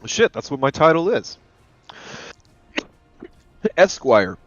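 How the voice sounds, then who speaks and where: A man's voice: lowish voice, moderate pace, a bit bright, dry recording, faint music behind. Rambling, foul-mouthed male lawyer guest. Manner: rambling storyteller, swears freely, laughs often. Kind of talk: casual chat. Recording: dull lo-fi dry voice line.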